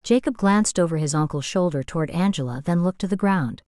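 A woman reading an audiobook in a steady, measured way as scripted narration. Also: on the low side, no room sound, studio quality.

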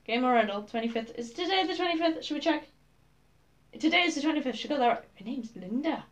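A teenage girl giving casual, excitable commentary on her Minecraft gameplay, often squealing and shouting with delight. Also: sits high, fast talker, highs cut off. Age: teens. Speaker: Minecraft YouTuber.

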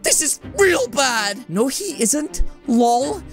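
A woman hosting a game video with excited commentary. She addresses viewers as "ladies and gentlemen" and breaks into shouts and sing-song lines. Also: sits high, takes it slowly, soft background music. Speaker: gaming video host. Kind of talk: excited let's-play commentary.

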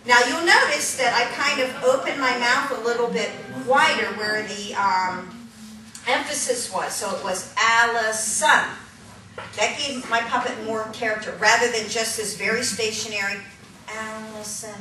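A woman leading a hands-on puppetry workshop, energetic and upbeat, laughing often and counting the group along. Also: on the high side, moderate pace. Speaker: puppetry instructor. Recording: echoey room from a distance, noisy.

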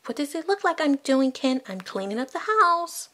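A woman's voice: high voice, very animated, normal speed, fairly bright tone. A woman voicing the lead doll in a toy play video, cheerful and a little bossy.

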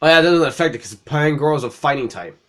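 A man's voice: on the high side, expressive, fast talker. A young man hosting a let's-play, chatting casually, laughing easily and swearing freely at a desk mic. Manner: loud, giggly and swearing freely. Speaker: gaming channel host.

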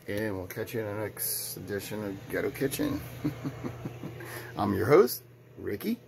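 A man's voice: fairly low pitch, gravelly, a little hiss or hum. A man hosting a casual home cooking vlog, rambling and joking as he talks to viewers from his kitchen. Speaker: host of a home cooking video.

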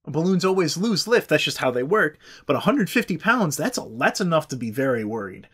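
Guy podcast host, fairly high voice, cussing and joking through a history story. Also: sing-song, a little fast, a bit bright, breathy edge. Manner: irreverent, swears freely, does silly voices. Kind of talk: casual comedic storytelling.

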